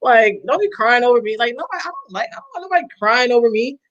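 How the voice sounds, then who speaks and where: A woman's voice: fairly high pitch, expressive, fast, fairly bright tone, muffled recording. A young woman co-hosting a casual podcast chat, talking in an emphatic, profane way and laughing often. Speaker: podcast co-host.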